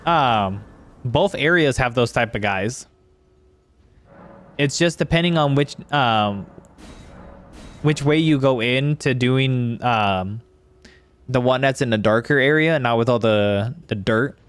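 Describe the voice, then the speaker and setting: A man's voice: medium pitch, takes it slowly, long pauses. A male streamer chatting casually while playing, rambling and swearing as he talks to his chat.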